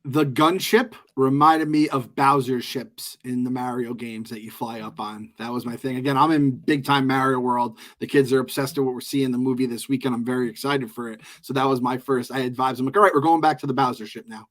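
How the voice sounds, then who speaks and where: A man's voice: mid-range voice, steady tone, brisk, hardly any pauses, fairly bright tone. A man co-hosting a podcast, chatting loosely about a TV episode, joking and swearing often. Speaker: podcast co-host. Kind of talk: casual show recap chat.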